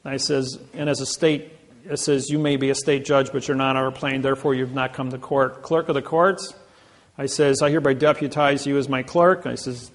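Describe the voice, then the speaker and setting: A man's voice: medium pitch, steady tone, fairly quick. A man giving a boastful storytelling lecture, acting out the voices of people in his stories. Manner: boastful, acts out quoted voices. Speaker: presenter.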